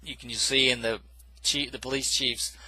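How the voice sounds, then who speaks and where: A man's voice: medium pitch, fairly even intonation, moderate pace, pushed and bright, breathy edge, poor audio. A man casually recapping a film plot in a rambling, self-correcting way, with dismissive asides. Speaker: movie reviewer.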